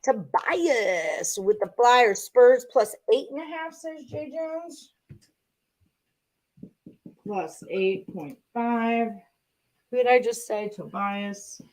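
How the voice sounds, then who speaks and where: A woman's voice: fairly high pitch, sing-song, slow pace, long pauses. A woman hosting a live sports betting show, reading out viewers' picks and chatting casually.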